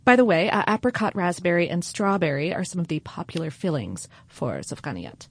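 A woman's voice: lowish voice, expressive, fairly quick, breathy edge. A woman co-hosting a podcast in playful, enthusiastic casual chat. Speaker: podcast co-host.

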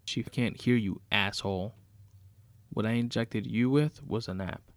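A man's voice: on the low side, a little slow, dry recording. A man voicing a vengeful, sarcastic woman, a murderous former nurse who taunts her captive. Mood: sneering. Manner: sneering, taunting, menacing.

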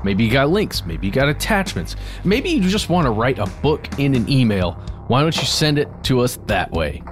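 A man's voice: mid-range voice, very animated, normal speed, faint music behind. A man co-hosting a podcast in casual chat, with dry joking asides. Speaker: podcast co-host.

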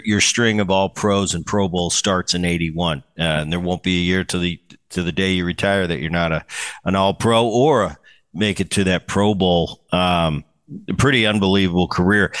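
Male podcast host, very low voice, interview style. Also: moderate pace, fairly bright tone. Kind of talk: interview questions.

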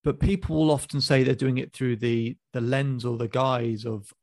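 A man coaching a client in a calm, probing session over a call, with frequent restarts. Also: medium pitch, normal speed, hardly any pauses, dry recording. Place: video call.

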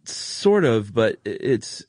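A man's voice: on the low side, very animated, slow, a little mellow, no room sound, studio quality. A man co-hosting a podcast in casual chat, enthusiastic and rambling. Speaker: podcast co-host.

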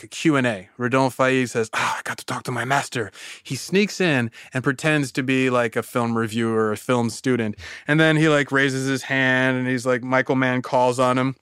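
Animated male podcast storyteller. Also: medium pitch, moderate pace, hardly any pauses, clear, resonant tone, dry recording, clean studio sound. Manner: animated, laughs often, lots of "like". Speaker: podcast host. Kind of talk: casual storytelling chat.

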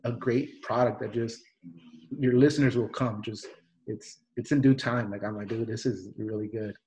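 A man's voice: medium pitch, steady tone, moderate pace, darkish tone, poor audio. A man hosting a podcast, chatting loosely with many restarts, fillers and some swearing. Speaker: podcast host. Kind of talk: casual podcast chat.

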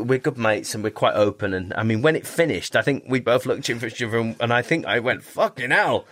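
A man's voice: mid-range voice, fairly bright tone. A man, a podcast guest, talking in a loose, chatty way, often restarting his sentences and swearing. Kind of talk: casual interview chat.

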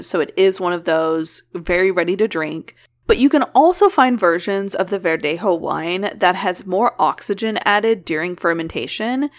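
A woman co-hosting a podcast, chatting casually and animatedly, often laughing. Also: fairly low pitch. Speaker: podcast co-host. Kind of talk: casual chat.

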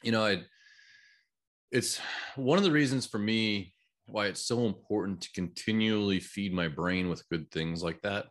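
A man's voice: on the low side, normal speed, fairly bright tone. A man hosting a podcast interview, casual and storytelling, laughing easily as he talks. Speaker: podcast host.

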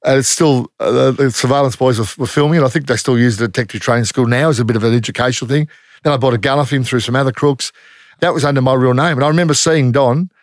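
A middle-aged Australian man speaking bluntly and without fuss, with plenty of slang in his stories. His voice sits at a middle pitch. The recording is dry, with no room echo. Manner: blunt, matter-of-fact, slangy, acts out quoted voices. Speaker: former undercover police officer. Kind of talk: casual interview storytelling.

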